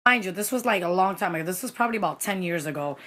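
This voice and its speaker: Animated woman telling a story. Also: fairly low pitch, very fast. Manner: animated, dramatic, mixes in Spanish phrases. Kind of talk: casual storytime vlog.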